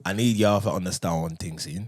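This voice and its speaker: A man's voice: sits low, fairly quick, a little mellow, breathy edge. A man with a Toronto accent, co-hosting a podcast, talking emphatically and repeating phrases for effect. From Toronto, Canada. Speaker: podcast co-host. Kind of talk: casual chat.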